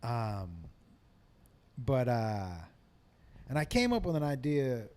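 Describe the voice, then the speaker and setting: A man's voice: medium pitch, slow, slight background noise. A middle-aged man chatting casually on a podcast, telling stories with frequent laughs. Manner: animated storyteller, laughs often. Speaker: comedian guest.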